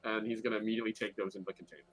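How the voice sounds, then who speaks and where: A man's voice: lowish voice, fairly even intonation, very fast, dry recording, low-quality recording. A man playing a tabletop game, narrating his character's actions with many hesitations. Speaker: player.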